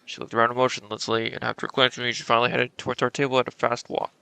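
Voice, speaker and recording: A man's voice: mid-range voice, little pitch movement, rapid-fire, gravelly, pushed and bright, smooth, no echo. A young man streaming, reading a visual novel aloud dramatically and adding joking asides.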